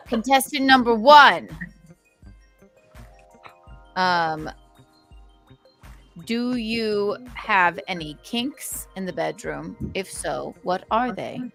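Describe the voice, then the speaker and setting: A woman's voice: mid-range voice, lively intonation, very slow, creaky, pauses often, fairly bright tone, faint music behind. A woman hosting a playful online dating game, teasing and giggly as she reads the questions. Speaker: game show host.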